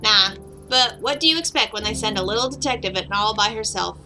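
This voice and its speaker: A woman's voice: mid-range voice, a little fast, lightly acted. A woman voicing a smug, teasing male detective in a game, over background music.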